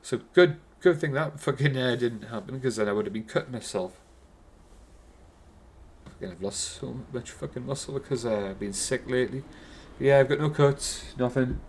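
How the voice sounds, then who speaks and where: A man's voice: mid-range voice, normal speed, a little mellow, a little hiss or hum. Geordie guy ranting about a film, swears every other word, keeps losing his thread. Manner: swears constantly, rambling with restarts. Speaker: film reviewer. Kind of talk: casual rambling film review.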